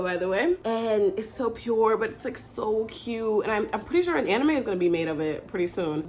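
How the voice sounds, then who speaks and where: A young woman in casual chat, gushing about stories she loves and briefly acting out the characters' lines. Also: medium pitch. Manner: gushing, chatty, acts out characters' lines in quick asides. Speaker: video creator recommending stories.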